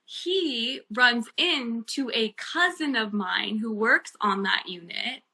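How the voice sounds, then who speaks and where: A woman, a guest and bereaved mother, telling a personal story in casual chat, earnest and animated with many fillers. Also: on the high side, slow, gravelly. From Canada.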